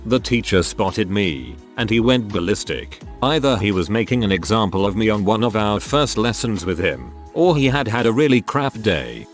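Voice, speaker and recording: Guy narrating reddit-style stories, low voice, super lively delivery, wry little asides, faint music under it. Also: normal speed. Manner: wry, expressive storytelling with joking asides. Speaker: story narrator. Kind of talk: reading online stories with asides.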